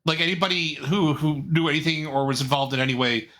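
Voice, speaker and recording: A man's voice: fairly high pitch, fast talker, sharp tone. A man co-hosting a podcast in casual chat, telling jokey meandering stories with many restarts. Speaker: podcast co-host.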